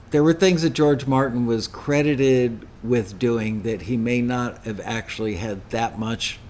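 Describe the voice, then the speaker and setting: A man's voice: medium pitch, slight background noise. Older man rambling through stories. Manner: rambling, anecdotal storytelling. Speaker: host. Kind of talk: live Q&A chat.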